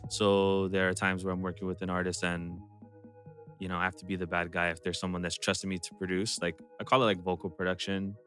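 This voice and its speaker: A man's voice: low-pitched, flat delivery, fast, fairly bright tone. A man who works as a music producer and engineer, talking casually, laughing often and acting out what artists say. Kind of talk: casual podcast chat.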